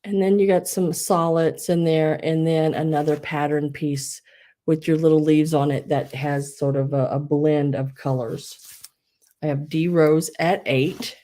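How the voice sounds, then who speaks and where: A woman's voice: sits low, steady tone, a little slow, dark tone. A woman hosting a casual live sale, rambling with many fillers and restarts, a little wheezy. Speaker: live online sale host. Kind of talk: casual live sales chat.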